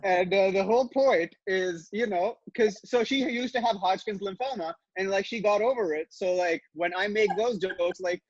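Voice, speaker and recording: A man's voice: sits high, moderate pace, few pauses, dry recording, dull audio. A man performing rambling, self-mocking stand-up comedy over a video call.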